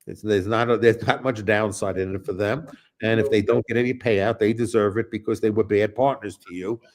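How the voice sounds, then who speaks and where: Man, low-pitched, rambling, blunt, profane, many restarts, talk show host. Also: fairly even intonation, a little fast, a little mellow. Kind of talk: casual political talk.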